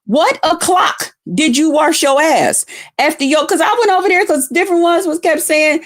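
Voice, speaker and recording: Her voice sits high and moves at a moderate pace as she hangs out with her chat on a livestream. The talk is casual, full of rowdy storytelling and heavy cursing, and she greets viewers by name while speaking straight to them.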